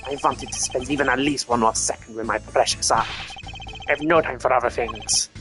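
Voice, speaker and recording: A man's voice: medium pitch, steady tone, fairly quick, sharp tone, lightly acted. A man voicing a pompous, rude, wealthy male art dealer in a made-up foreign accent, with game music behind. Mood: haughty. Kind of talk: voice acting a game playthrough.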